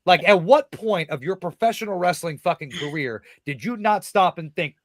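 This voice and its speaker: Male guest in his 30s, animated and profane, slightly high voice, dry close studio sound. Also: normal speed, no room sound. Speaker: professional wrestler guest. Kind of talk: podcast interview, casual profane storytelling.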